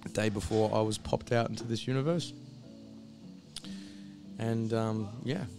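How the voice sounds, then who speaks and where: A hoarse man with a husky voice, chatting casually and rambling before a live stream, swearing freely and losing his train of thought. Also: lowish voice, a little slow, music in the background. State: hoarse, voice recovering. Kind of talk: casual pre-stream chat. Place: hostel.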